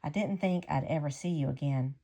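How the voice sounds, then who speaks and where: Young guy, kind singer, soft and pleading, read by a woman with a low warm voice. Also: brisk. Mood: earnest.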